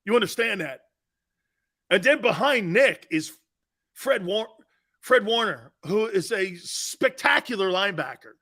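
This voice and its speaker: Male sports radio host, high and bright-toned, brash and argumentative, slangy banter. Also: lively intonation, a little slow. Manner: brash and emphatic, slangy with frequent "man" and "dude"; argumentative, laughing off callers' views.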